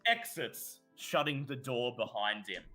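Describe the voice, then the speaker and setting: A man narrating a tabletop horror game as game master, telling the scene in an animated way with hesitations. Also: mid-range voice, a little slow, soft background music.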